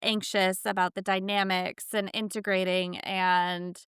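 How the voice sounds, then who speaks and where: A woman's voice: medium pitch, flat delivery, fairly bright tone, clean tone, no echo, clean studio sound. A woman podcast co-host chatting casually, a supportive listener who chimes in and asks follow-up questions. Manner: supportive listener, quick agreeing interjections. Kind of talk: casual chat.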